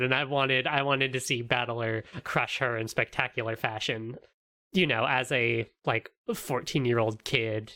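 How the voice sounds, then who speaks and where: A woman in her twenties hosting a casual podcast, animated, swearing freely and laughing often. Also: rumbling low. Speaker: podcast host.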